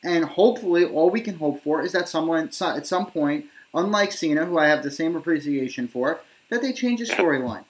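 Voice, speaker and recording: A man's voice: fairly high pitch, animated, a little fast, few pauses. A man from New York hosting a casual wrestling debate, emphatic and opinionated, talking in long runs. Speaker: podcast host.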